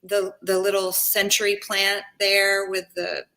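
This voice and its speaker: A woman guesting on an art talk, lively, laughing often and saying "like" a lot. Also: mid-range voice, unhurried, gravelly. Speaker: guest painter.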